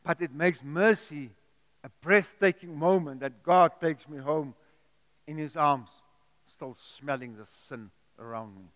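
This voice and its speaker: A man's voice: high voice, clean tone, lo-fi sound. A man preaching a sermon, earnest and pleading, often repeating and restarting his words. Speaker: pastor. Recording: echoey hall with long reverb.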